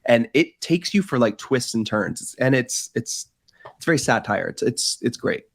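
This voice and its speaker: A man's voice: medium pitch, lively intonation, moderate pace, creaky. A man co-hosting a casual podcast chat, teasing the others and praising things with enthusiasm. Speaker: podcast co-host.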